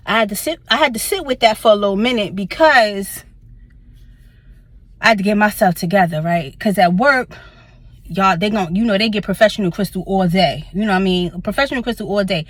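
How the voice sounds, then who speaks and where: A woman's voice: medium pitch, normal speed, long pauses, no echo. A woman with a Brooklyn accent telling a workplace story in a casual vlog, sassy and blunt, swearing freely. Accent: Brooklyn, New York. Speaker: vlogger. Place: car in a parking lot.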